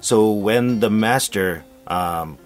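A man's voice: lowish voice, slow pace, soft background music. A man co-hosting a podcast in a small studio, talking casually with many fillers. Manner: relaxed, many fillers, reads listener emails aloud. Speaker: podcast co-host, rakugo performer. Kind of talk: casual chat.

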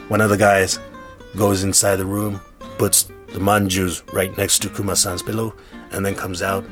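A man's voice: deep voice, little pitch movement, normal speed, fairly bright tone, soft background music. A man hosting a podcast, telling a folk tale in a casual, chatty way and laughing often. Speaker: storyteller and podcast host. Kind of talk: casual storytelling.

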